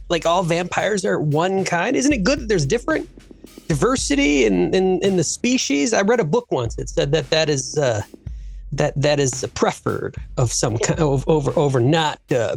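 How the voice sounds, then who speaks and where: Player as a rambling, gravelly bumbler with a lively voice, light music bed. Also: mid-range voice, exaggerated voice. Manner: rambling, stumbling over words. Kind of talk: tabletop role-play in character.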